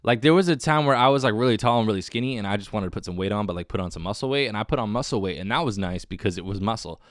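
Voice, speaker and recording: Rambling, jokey man with a smooth voice. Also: fairly low pitch, lively intonation, rapid-fire, no room sound, clean studio sound. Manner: rambling, self-mocking and jokey. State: wired on coffee. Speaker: podcast host. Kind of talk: casual solo podcast chat.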